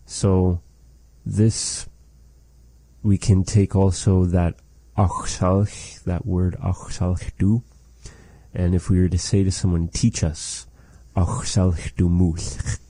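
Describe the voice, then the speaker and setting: Slow, dark-voiced male language teacher. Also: low-pitched, little pitch movement, dry recording. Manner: repeats phrases slowly and explains them carefully. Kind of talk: slow, patient language lesson.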